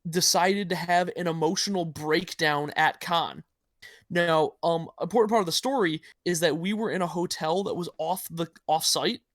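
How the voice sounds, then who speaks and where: A man co-hosting a podcast, telling a story in a quick, rambling casual chat. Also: a little high, fairly bright tone, no echo, clean studio sound. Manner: quick, rambling with many "like" fillers. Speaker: podcast co-host.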